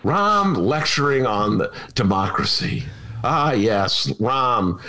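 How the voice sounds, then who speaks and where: A man co-hosting a casual political podcast, sarcastic and getting worked up, with loud laughs. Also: medium pitch, lively intonation, slow pace. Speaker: podcast co-host.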